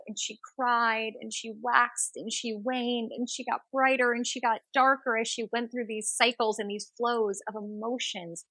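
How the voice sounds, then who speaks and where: A woman hosting an astrology podcast who tells a myth and then teaches, with expressive, rhythmic storytelling. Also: mid-range voice, no room sound.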